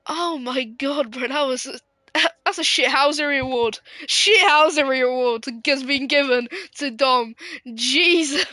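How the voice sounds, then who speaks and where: A woman giving casual, excitable live sim racing commentary, giggling and swearing as she banters. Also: high voice, measured pace, dry recording.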